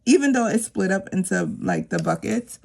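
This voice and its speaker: A woman's voice: medium pitch, expressive, moderate pace, vocal fry, a little mellow. A woman chatting casually to camera about her savings challenges, rambling with lots of fillers. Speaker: savings vlogger; teacher.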